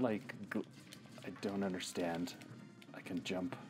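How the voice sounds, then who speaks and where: Low-voiced man doing unhurried let's-play commentary, swears and trash-talks, faint game music behind. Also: fairly even intonation, darkish tone. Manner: trash-talking, swearing, jokey outbursts at the game. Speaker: podcast co-host playing a video game.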